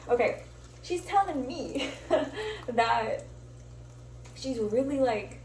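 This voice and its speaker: Young woman, casual rambling vlog chat while cooking, slightly high voice, sizzle faint behind, roomy and distant. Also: big pitch swings, very slow, pauses often, darkish tone, slight background noise. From Miami. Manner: rambling, self-interrupting, swears freely, laughs often. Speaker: vlogger. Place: kitchen, cooking bacon. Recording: echoey kitchen, sizzling pan, distant camera.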